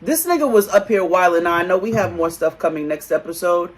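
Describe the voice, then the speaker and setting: A co-host of a reality-TV recap show, chatting casually and profanely, laughing often and acting out quotes in big high voices. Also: a little fast. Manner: laughs often while talking. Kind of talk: casual pop-culture recap chat.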